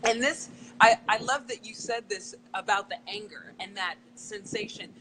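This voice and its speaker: A woman's voice: mid-range voice, moderate pace, noisy background. A woman co-host in a casual conversation, often agreeing and affirming her partner.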